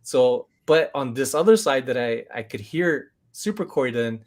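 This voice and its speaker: A man hosting a relaxed conversation, full of animated storytelling. He slips into quick voices to act out what others said, and his pitch sits in an ordinary middle range. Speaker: podcast host. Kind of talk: casual chat.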